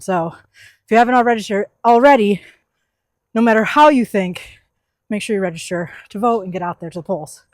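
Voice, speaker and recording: A woman's voice: medium pitch, a little mellow, dry recording. Candid young woman vlogging, dry close sound. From US East Coast. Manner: candid, reflective, with many fillers like "like" and "you know". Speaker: van life vlogger. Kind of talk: casual vlog talk to camera.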